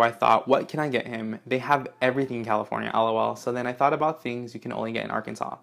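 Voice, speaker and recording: A young man unboxing fan mail in an excited, gushing vlog, swearing often and gasping as he reads letters aloud. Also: mid-range voice, fast, vocal fry, few pauses. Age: young adult. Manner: gushing, swears a lot, gasps and squeals.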